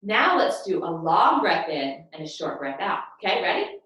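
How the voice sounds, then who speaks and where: A woman's voice: on the low side, very animated, normal speed, fairly bright tone, recorded from a distance. Upbeat young woman teaching kids, echoey room. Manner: upbeat, encouraging, sing-song prompts. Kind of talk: guiding a children's movement lesson. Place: room at home.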